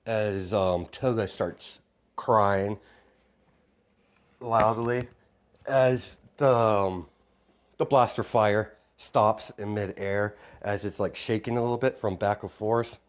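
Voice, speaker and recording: Slow, low-voiced man rambling through a story. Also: fairly even intonation. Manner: rambling, full of fillers and restarts. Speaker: narrator. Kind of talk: casual retelling of a fan-made story.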